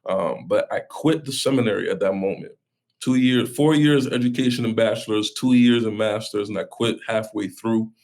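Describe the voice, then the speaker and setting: A pastor appears as a podcast guest, sharing a personal story earnestly and from the heart. His fairly low, slightly mellow voice moves at a normal speed, coming out in run-on bursts with many restarts.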